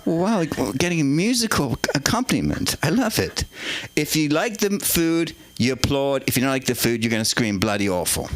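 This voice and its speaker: A man's voice: mid-range voice, big pitch swings, moderate pace. An English man performing a stand-up set on a comedy club stage, rambling and cheeky with playful asides. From England.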